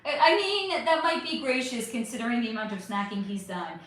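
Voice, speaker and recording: A woman's voice: fairly high pitch, big pitch swings, a little fast, fairly bright tone. A woman in her thirties chatting casually on a livestream, reading comments and rambling, swearing now and then, recorded on a phone in her living room. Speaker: livestream host. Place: bright living room at home. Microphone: phone without external microphone. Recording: echoey room, faint background hiss.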